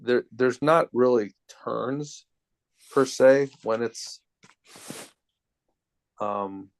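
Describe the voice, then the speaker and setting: A man tutoring math over a video call, explaining things step by step in a relaxed way. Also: medium pitch, drawn-out words. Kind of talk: casual tutoring session.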